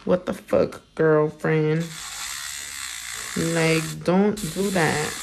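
A woman's voice: low voice, steady tone, extremely slow, vocal fry, background noise. A woman nail technician in casual livestream chat while doing her nails, blunt and profane as she vents. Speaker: nail technician and small business owner.

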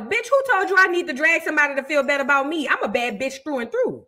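A young woman with a high-pitched voice delivers celebrity gossip live. Her talk is brash, profane and mocking, and her tone is sharp and bright. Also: lively intonation, quick pace, few pauses. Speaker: host reacting to celebrity news. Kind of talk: unscripted livestream commentary.

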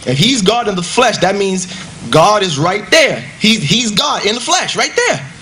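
A man's voice: high voice, big pitch swings, unhurried, sharp tone, a little hiss or hum. A man giving a rebuttal in a debate, emphatic and conversational, pressing his points with rhetorical questions.

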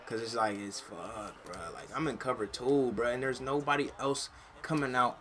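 A young man talks through his football video game in loose slang, ranting and swearing whenever a play goes wrong. His voice sits at an ordinary middle pitch, and his talk stays casual and chatty between the outbursts. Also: steady tone, moderate pace, slight background noise. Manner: slangy, frustrated, yells and curses at the game. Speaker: gaming channel host. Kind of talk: casual gameplay commentary.

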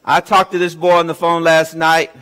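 A man's voice: monotone, normal speed, lightly acted. A man voicing a young woman on the phone who is wary at first, then thrilled and amazed. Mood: excited. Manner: high, bright, incredulous delivery.

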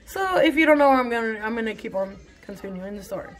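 A young woman films a casual vlog on her phone in her bathroom at home, telling a story in a chatty, rambling way with plenty of swearing. Her voice is a little high, expressive and quick.

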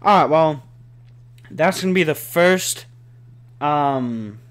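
A young man giving live gameplay commentary, excitable, cursing often and pleading with the game. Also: a little high, slow pace. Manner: excitable, swears a lot, pleads and groans at the game. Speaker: gaming channel host.

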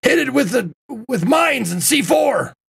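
Brief: man voicing a gravelly radio commander, urgent orders, lively pitch. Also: unhurried, heavily acted.

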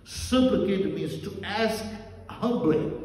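A high-voiced man preaches an earnest sermon and leans hard on repeated phrases. He talks slowly and deliberately. The sound is roomy with a long hall reverb, and the mic sits some distance from him. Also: a little mellow. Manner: earnest, repeats phrases, slow emphatic delivery. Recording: echoey hall, mic far off.

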